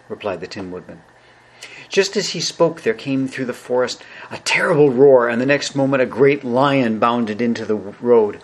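A pastor reads a storybook passage as a studio version of his sermon, narrating at an unhurried pace. His voice is husky and breathy, at an ordinary middle pitch. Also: animated. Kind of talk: sermon reading a children's story.

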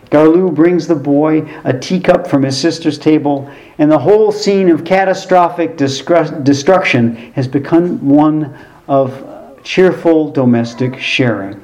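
A man's voice: a little high, moderate pace, darkish tone, low-quality recording. A man in his sixties, a pastor, giving a sermon through a wry, conversational personal story.

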